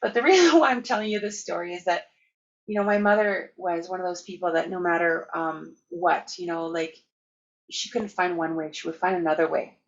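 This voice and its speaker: A woman from Canada giving a conference keynote, telling lively anecdotes with laughter. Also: fairly low pitch, fairly quick, dull audio. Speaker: keynote speaker. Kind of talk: storytelling conference talk.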